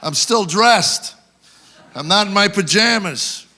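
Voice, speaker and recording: A stand-up comedian from Tennessee works a live awards-show crowd, telling wry stories and doing voices for the punchlines. His voice is high-pitched, animated and sharp, and he delivers slowly.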